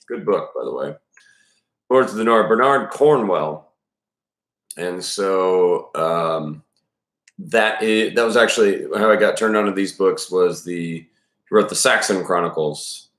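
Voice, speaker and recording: This is a man with a very low voice rambling casually, stopping and restarting his thoughts and chatting between reading bits. He sounds like he's at home, and the room comes through noticeably echoey. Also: slow, a bit bright. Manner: rambling, many restarts and fillers, self-deprecating. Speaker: reader giving commentary.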